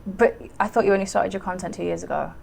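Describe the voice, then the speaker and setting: A woman's voice: mid-range voice, steady tone, fast talker, creaky, darkish tone, slight background noise. A woman interviewing a guest, asking blunt, pointed questions in a casual conversation.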